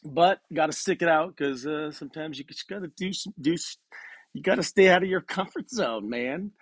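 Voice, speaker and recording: A man's voice: a little high, normal speed, no echo. A young man talking casually at home in his bedroom, rambling loosely, swearing often and calling the listener man and dude while he paces. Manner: laid-back, rambling, swears a lot, says man and dude. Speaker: podcast host.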